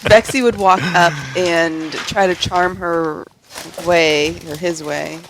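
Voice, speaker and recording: A man's voice: a little high, steady tone, takes it slowly, background noise. A man playing a tabletop game who jumps in with playful jokes and describes his moves. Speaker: player. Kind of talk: casual tabletop play.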